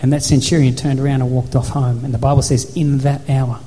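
A man preaching a sermon as pastor, building to repeated, shouted phrases. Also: mid-range voice, flat delivery, a little fast. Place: church hall. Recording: reverberant church hall.

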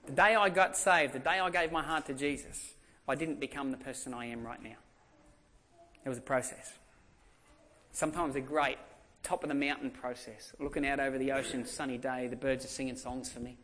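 A man's voice: mid-range voice, steady tone, fairly quick, sharp tone. An Australian man preaching a sermon as a pastor, telling stories in a conversational way and repeating emphatic phrases.

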